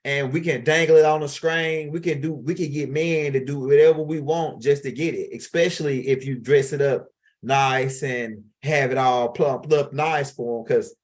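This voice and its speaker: A man's voice: mid-range voice, fairly even intonation, normal speed. Middle-aged male teacher, casual and rambling, plain mid-range voice, lots of restarts. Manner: rambling and street-casual, with frequent restarts and asides. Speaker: teacher of an esoteric class. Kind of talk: loose, casual lecture.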